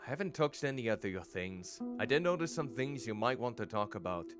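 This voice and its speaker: A man voicing a tender Irish mother, with a put-on Irish accent, slowly reading her letter to her estranged child in a game. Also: medium pitch, lively intonation, over music, natural voice.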